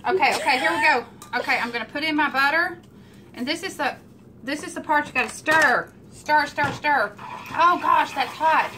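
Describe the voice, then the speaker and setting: A woman's voice: high voice, a little fast, bright, forceful tone, a little hiss or hum. A woman hosting a home cooking video, chatting and teasing her viewers as she cooks in her kitchen. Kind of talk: casual cooking chat.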